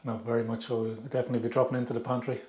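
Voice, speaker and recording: A man's voice: mid-range voice, little pitch movement, very fast, dark tone. A man, hosting and chatting casually with a chef guest. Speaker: show host. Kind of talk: casual interview chat. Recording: echoey room.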